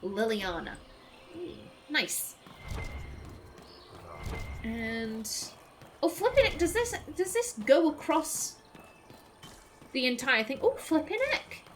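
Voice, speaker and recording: A woman's voice: high voice, very animated, slow pace, pauses often, slight background noise. A woman giving casual, chatty gameplay commentary as a let's play host, politely apologizing to game characters.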